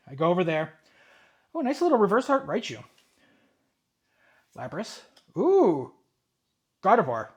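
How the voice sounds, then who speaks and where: A young man telling a rambling, exasperated story in a casual vlog, with excited asides as he opens cards. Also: high-pitched, normal speed, long pauses. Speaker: card collector vlogger.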